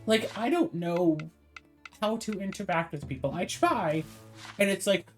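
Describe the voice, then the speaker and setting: A woman's voice: mid-range voice, unhurried, faint music behind. A tired woman streaming a video game, ranting in a casual, sarcastic way. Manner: animated, sarcastic, mocking put-on voices. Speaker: gaming streamer. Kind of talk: casual ranting over gameplay.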